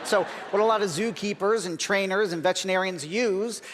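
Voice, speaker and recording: High-voiced deadpan man on a comedy stage. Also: brisk, long reverb tail. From Philadelphia, USA. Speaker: comedian ventriloquist. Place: large TV talent show stage. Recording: loud audience and ambience.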